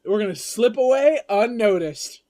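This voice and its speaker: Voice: medium pitch, animated, normal speed, noisy background. Young streamer rambling through a game. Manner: rambling, joking, stammering. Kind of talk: casual gameplay commentary.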